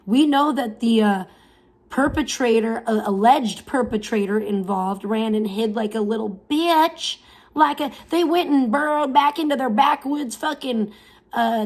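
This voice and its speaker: High, gravelly woman ranting on a stream. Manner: profane, scornful ranting. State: tired. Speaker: livestream host. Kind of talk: profane livestream rant.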